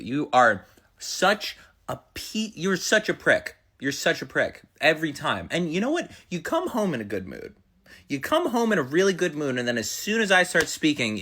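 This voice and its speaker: A man's voice: medium pitch, a bit bright. A man playing a whiny, clingy wife who pleads with her husband in a comedy sketch.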